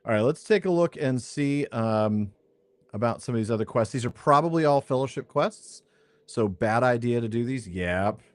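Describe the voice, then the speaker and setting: A man's voice: mid-range voice, lively intonation, normal speed, no echo. A man hosting a game stream, chatting casually and thinking aloud as he plays. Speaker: streamer and podcast host. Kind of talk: casual gameplay commentary.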